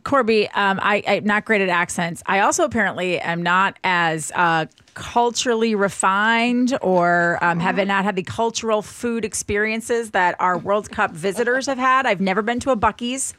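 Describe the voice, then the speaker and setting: A woman's voice: mid-range voice, moderate pace, hardly any pauses, a bit bright, no echo. A woman co-hosts a radio talk show, chatting loosely and cracking jokes with plenty of fillers. She sits close to a studio mic in a dry, dead room. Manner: chatty, joking, lots of fillers. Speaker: radio co-host. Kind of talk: casual radio chat.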